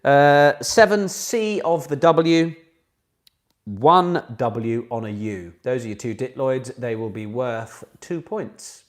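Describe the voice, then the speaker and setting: A man's voice: mid-range voice, takes it slowly. A man hosting a casual online pub quiz from home, chatty and self-mocking, with jokey asides between questions.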